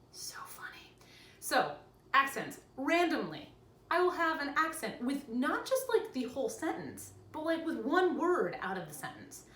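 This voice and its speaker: A young woman chatting casually in a vlog from her home, animated and quick to laugh. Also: high-pitched, far from the mic. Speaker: vlogger. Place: home room with cats. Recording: echoey room with faint ambience.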